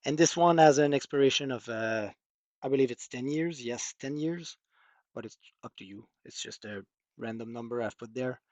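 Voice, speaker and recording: A man's voice: medium pitch, normal speed, darkish tone, no room sound, lo-fi sound. A man with a French accent presenting a technical workshop walkthrough, explaining with many hesitant fillers.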